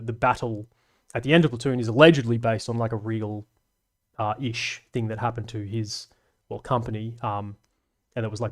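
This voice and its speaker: A man hosting a casual live stream, reading chat and rambling in a self-deprecating way with lots of fillers. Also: mid-range voice.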